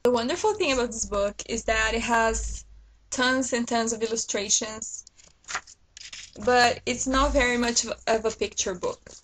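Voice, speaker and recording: A woman talks casually to camera about books she bought, calling her viewers "guys" in an eager, chatty way. Her voice sits a little high, and a faint noise runs under it. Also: moderate pace, a bit bright, poor audio. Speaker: book vlogger. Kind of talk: casual book haul chat to camera.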